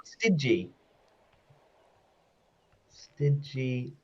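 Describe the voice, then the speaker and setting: Lively, animated man on a dull mic. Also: mid-range voice, extremely slow. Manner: animated, laughs often, exclaims loudly when wrong. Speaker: community manager. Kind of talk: casual game stream chat.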